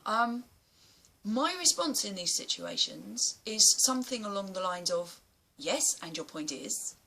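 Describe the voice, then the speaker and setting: Blunt, lively woman vlogging. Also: medium pitch, measured pace. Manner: blunt, emphatic, swears casually. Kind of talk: casual opinion vlog to camera.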